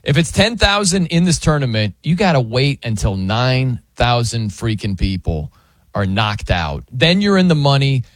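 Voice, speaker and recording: A male host chats through the wee hours in a playful, joking way. His pitch swings widely as he talks, and the sound is dry and close with no room around it. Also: normal speed, no room sound. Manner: playful, animated, acts out scenes in funny voices. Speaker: late-night show host. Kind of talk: casual chat.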